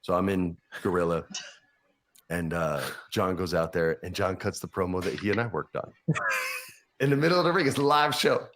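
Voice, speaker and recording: A man's voice: low voice, moderate pace. A man in his forties telling profane backstage stories in casual chat, acting out the other people's lines. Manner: animated, profane anecdotes, acts out others' lines. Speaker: podcast guest. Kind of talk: casual storytelling.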